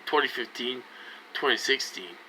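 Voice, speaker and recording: Talking straight to his viewers in a casual way, a vlogger in his forties sounds earnest and pleading, circling back to the same points again and again. His medium-pitched voice is expressive and sharp, moving at a moderate pace on a rough recording with slight background noise.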